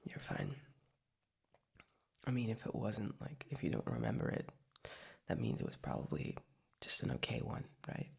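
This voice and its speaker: A woman's voice: a bass voice, wildly swooping pitch, normal speed, vocal fry, pauses often, darkish tone, husky, heavily acted. A woman in whispered role-play as a young adult girlfriend, talking in a hesitant, rambling way with lots of restarts. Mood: sleepy, tender.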